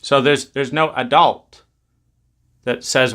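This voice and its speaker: A man's voice: medium pitch, slow, fairly bright tone. A man giving a reflective spoken talk, rambling with many restarts.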